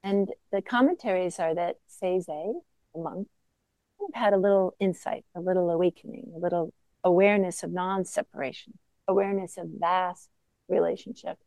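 A woman teaching as a Zen teacher in a reflective dharma talk, mostly soft-spoken with sudden emphatic bursts. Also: lowish voice, steady tone, normal speed, dry recording, rough recording.

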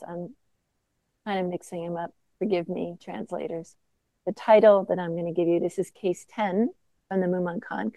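A woman teaching as a Zen teacher in a reflective dharma talk, mostly soft-spoken with sudden emphatic bursts. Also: lowish voice, dry recording, rough recording.

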